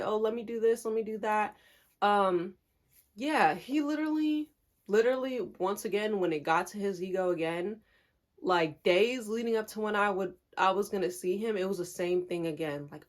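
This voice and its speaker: A young woman tells a personal story in a candid, animated vlog, talking directly to her viewers and laughing along the way. Her voice sits at a medium pitch and swings between hushed and emphatic moments. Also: moderate pace. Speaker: vlogger.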